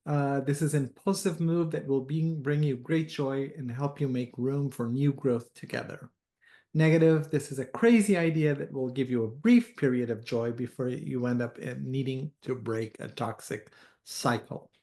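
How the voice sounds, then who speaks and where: A man of ordinary pitch tells a story from a tarot reading to his class. He hesitates and restarts often, and he picks up energy whenever he quotes someone. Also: moderate pace. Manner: hesitant, many restarts and "uh", animated when quoting. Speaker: tarot teacher.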